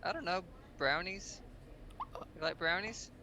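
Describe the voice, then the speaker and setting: A man's voice: high-pitched, unhurried, sharp tone. A man playing in a tabletop game, talking in a laid-back, easygoing way in character. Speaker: player. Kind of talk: casual role-play banter.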